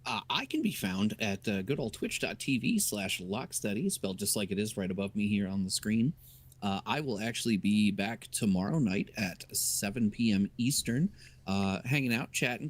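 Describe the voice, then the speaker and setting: A man who streams, chatting upbeat about his upcoming streams. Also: lowish voice. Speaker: streamer and player. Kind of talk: casual plug for his stream.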